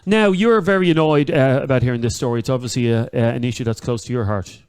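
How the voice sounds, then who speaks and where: Irish male radio host, average pitch, chatty, filler-heavy, casual presenter. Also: fast, smooth. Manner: chatty, repeats phone numbers, frequent ums and uhs.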